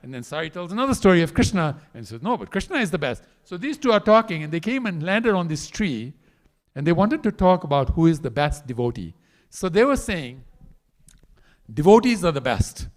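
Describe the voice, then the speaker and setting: A male preacher in a temple hall retells a sacred story, his higher-than-usual voice swinging widely in pitch. He narrates with animated, theatrical delivery and acts out each character. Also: a little fast. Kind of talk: storytelling sermon.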